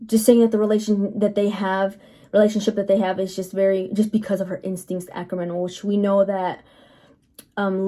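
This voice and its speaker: Woman reviewer, relaxed mellow tone, easygoing chatty recap with filler words. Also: medium pitch. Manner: chatty, loose storytelling with many fillers. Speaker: anime reviewer. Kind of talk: casual episode recap.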